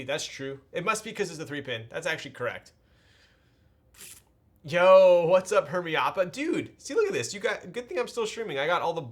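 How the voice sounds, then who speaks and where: A man chatting casually with his live-stream audience while he builds a keyboard, greeting viewers in a laid-back way. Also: on the high side.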